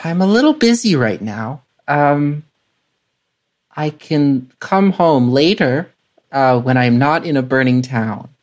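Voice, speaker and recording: Young male adventurer, brisk, matter-of-fact, steady middle pitch, a player voicing him. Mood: firm.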